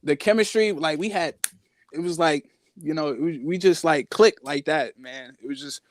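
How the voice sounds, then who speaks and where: A young man chats as a podcast guest with boastful, playful swagger. His voice sits a little high and the sound is dry and close. He talks in loose, animated bursts. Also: normal speed, no echo. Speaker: guest wrestler. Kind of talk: casual live podcast interview.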